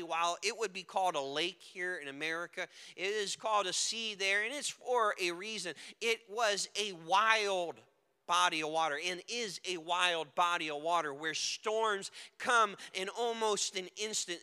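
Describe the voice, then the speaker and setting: A man preaching a dramatic sermon, swinging from hushed words to loud cries. His voice is very high and bright. It rings through a large hall with a long reverb tail. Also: clean tone.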